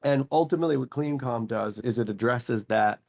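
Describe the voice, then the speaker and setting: A man in his forties, a company chief executive, telling his story in a casual interview with lively anecdotes and quoted thoughts. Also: medium pitch, normal speed, vocal fry. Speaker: company CEO, guest.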